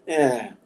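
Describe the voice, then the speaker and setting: A man with a mid-range, darkish voice hosts his own vlog in poor-quality audio. His casual chat rambles along with frequent laughter and self-deprecating jokes.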